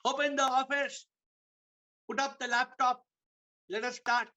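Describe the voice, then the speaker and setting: A man voicing a hot-tempered young businessman who shouts, heard through dull lo-fi call audio. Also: very high-pitched, fairly even intonation, a little slow, pitched above the performer's own voice, full character voice. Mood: barking orders. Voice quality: shouting, explosive.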